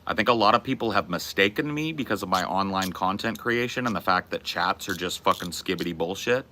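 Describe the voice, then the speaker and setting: A man's voice: low-pitched, fairly quick, sharp tone. A man hosting a casual chat with viewers, talking in a blunt, profane and emphatic way. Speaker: streamer host.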